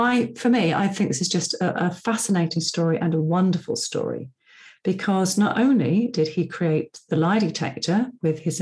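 A middle-aged woman talks through a solo podcast episode. Her voice sits a little low for a woman. She speaks in a chatty, personal way and drifts into asides. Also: darkish tone. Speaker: podcast host and personality profiling coach. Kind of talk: casual solo podcast talk.

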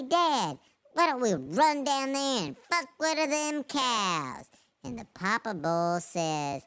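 A man voicing a squeaky chipmunk through a pitch-shift effect, telling a bawdy yarn with playful glee. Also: sharp tone, smooth, exaggerated voice. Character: squeaky chipmunk-voiced male storyteller. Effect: chipmunk pitch-shift from the mixer. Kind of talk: casual podcast banter.

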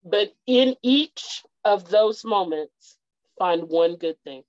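A woman's voice: mid-range voice, animated, slow, a little mellow, dry recording. A woman speaking as a guest in a heartfelt conversational interview, earnest and repeating her key phrases for emphasis. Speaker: guest, parent. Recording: dull lo-fi dry sound.

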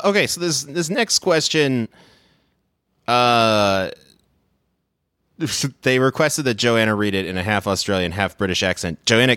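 Casting note: self-mocking male podcast host, animated pitch, dry close sound. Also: dry recording. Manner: joking, self-deprecating. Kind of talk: casual pop culture chat.

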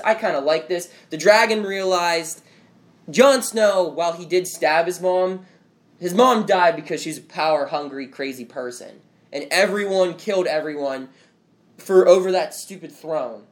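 At home among friends and family, a young man chats casually about a show he watched, rambling and saying "like" constantly. His voice sits high, and he speaks at a normal speed.

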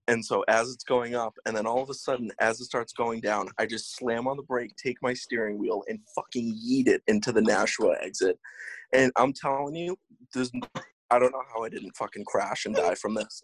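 A man's voice: mid-range voice, slight background noise, low-quality recording. A young man, host of a casual chat show, telling a rambling, profane story full of laughs. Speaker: podcast host.

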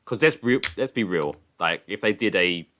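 A man's voice: low voice, lively intonation, normal speed, background noise. A man hosting a podcast in casual chat, blunt and sweary, asking wry questions. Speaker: podcast host.

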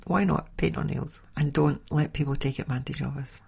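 A middle-aged woman hosting a podcast, telling a personal story in a chatty, animated way. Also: low-pitched, moderate pace, gravelly, breathy edge. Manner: chatty, animated, with sighs and laughs. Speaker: podcast host. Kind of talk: casual storytelling monologue.

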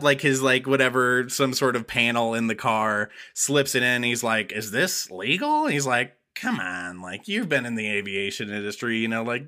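A man's voice: mid-range voice, bright, forceful tone. A man co-hosting a comedy podcast, loosely recapping a movie scene with swearing and acted-out lines. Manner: loose, rambling, swears and acts out quotes. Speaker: podcast co-host.

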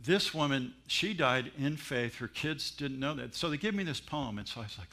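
A man's voice: mid-range voice, moderate pace. A man preaching a sermon as pastor, telling stories and mimicking voices along the way. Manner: animated storytelling with mimicry and laughs.

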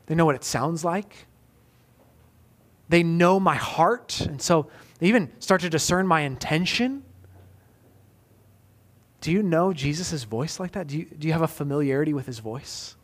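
A man preaching a sermon in a somewhat high voice. He swings from forceful, emphatic declarations to quiet, close questions aimed at the listener. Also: normal speed, pauses often. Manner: emphatic, rising to loud peaks then dropping soft and intimate. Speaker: pastor.

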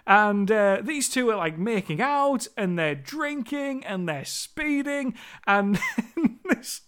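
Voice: mid-range voice, big pitch swings, takes it slowly, fairly bright tone, clean tone. A movie reviewer talking through a film in a rambling, chatty monologue, swearing casually now and then.

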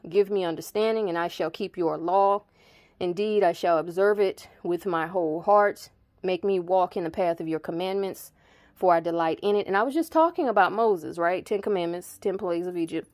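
A woman's voice: on the low side, normal speed, darkish tone, no room sound. A woman reading Bible verses aloud and breaking off to explain them in casual asides. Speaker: preacher reading scripture. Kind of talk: informal Bible reading with commentary.

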